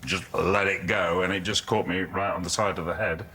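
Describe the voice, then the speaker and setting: A male guest actor tells his story hesitantly and halts often, filling the pauses with ums. His voice is bright and forceful. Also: low voice, fairly even intonation. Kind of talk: telling an anecdote on a panel show.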